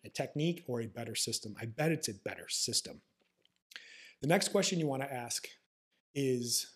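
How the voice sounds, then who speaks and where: A man's voice: medium pitch, darkish tone, husky. A man hosting a podcast, a manual therapist talking in a blunt, profane and sarcastic way.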